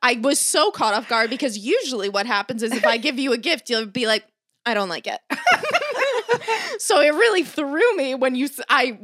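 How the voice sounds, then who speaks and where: A woman's voice: high voice, dry recording, clean studio sound. A young woman, a daughter, chatting casually and animatedly acting out quotes. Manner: animated, fast, acts out quotes. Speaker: daughter in a family chat. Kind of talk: casual chat.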